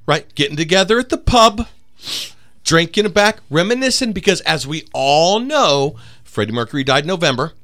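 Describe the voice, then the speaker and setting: Male comedy podcast host, lively and bright, plays jokes with mock-serious gravity. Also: on the high side, normal speed, dry recording. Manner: mock-serious, newscaster-style bits.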